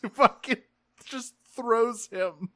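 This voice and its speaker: A man's voice: very high voice, dry recording, clean studio sound. A man co-hosting a podcast, recapping a cartoon episode in casual profane chat and acting out the characters' lines. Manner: profane, animated, acts out characters in quick voices. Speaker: podcast co-host.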